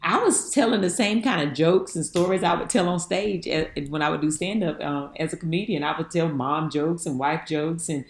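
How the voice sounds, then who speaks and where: A woman, telling her life story in an interview, folksy and animated, laughing often. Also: low-pitched, moderate pace, few pauses. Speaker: guest. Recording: echoey room.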